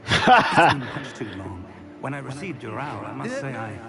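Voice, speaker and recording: A man's voice: medium pitch, sing-song, normal speed, creaky. An actor playing a kindly older male wizard professor, genteel and encouraging. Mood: brisk. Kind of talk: video game voice acting. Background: game music.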